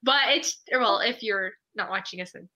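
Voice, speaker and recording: A woman's voice: mid-range voice, moderate pace, sharp tone. A woman co-hosting a podcast, retelling scenes in casual chat and laughing as she goes. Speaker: podcast co-host.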